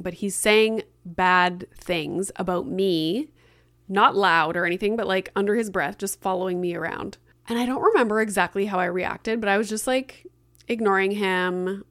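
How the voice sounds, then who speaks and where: A woman's voice: mid-range voice, dry recording. A woman in her thirties hosting a solo podcast, telling a story in a chatty way with many "like" fillers. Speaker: podcast host.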